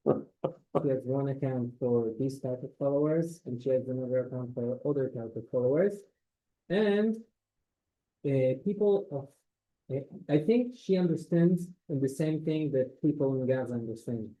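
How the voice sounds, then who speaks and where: A man's voice: mid-range voice, a little slow, warm tone, poor audio. A man, a guest in an interview, speaking hesitantly and searching for words. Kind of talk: conversational interview.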